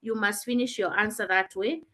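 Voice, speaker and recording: A woman's voice: mid-range voice, normal speed, sharp tone. A woman teacher explaining answers and calling on students in an online revision class over a video call.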